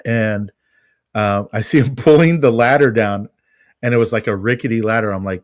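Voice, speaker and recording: A man's voice: on the low side, moderate pace, no room sound, studio quality. A man co-hosting a podcast, telling a self-mocking story about his work as a pest control technician.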